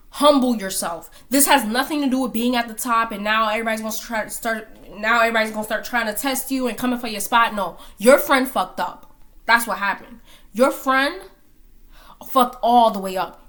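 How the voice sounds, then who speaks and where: A woman's voice: a little high, a bit bright. A woman giving a blunt, heated opinion in a commentary vlog, hammering her points with rhetorical questions and swearing. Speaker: commentary vlogger.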